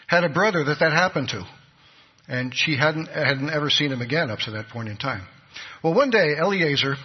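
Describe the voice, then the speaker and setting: In a husky mid-range voice, a preacher tells a sermon story with sincerity, playing the parts of the people involved. A long hall echo hangs over the dull recording.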